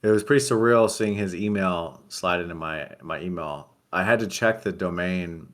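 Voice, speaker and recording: A man with a very low, deep voice answers viewer questions in a flat, deadpan way. He speaks casually into a desk mic at a home streaming setup. It sounds like relaxed livestream chat. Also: normal speed. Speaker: livestream guest reading chat.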